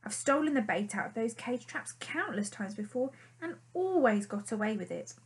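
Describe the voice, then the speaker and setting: A woman's voice: fairly high pitch, expressive, moderate pace. A woman reading an audiobook and voicing a proud, ungrateful male fox who talks in a haughty, cross way. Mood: self-reproaching. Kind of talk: audiobook character voice.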